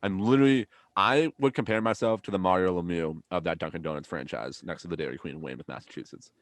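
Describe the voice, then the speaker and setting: A young man, hosting a casual podcast with low, deep tones. He tells stories in an animated way and swears freely. His voice sounds dry and close, with little room sound. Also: fast talker, dry recording. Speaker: podcast host. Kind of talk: casual chat.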